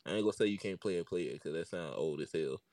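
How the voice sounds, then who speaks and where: Chill young guy, low voice, slangy, kinda far off the mic, dry sound. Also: quick pace, darkish tone, dry recording. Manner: laid-back slangy talk with many fillers. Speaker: podcast co-host. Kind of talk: casual podcast chat.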